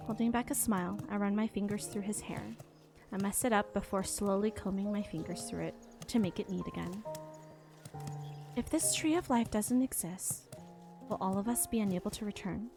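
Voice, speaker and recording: A young woman streamer reading a game's story and dialogue aloud, soft and expressive. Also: mid-range voice, moderate pace. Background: game music.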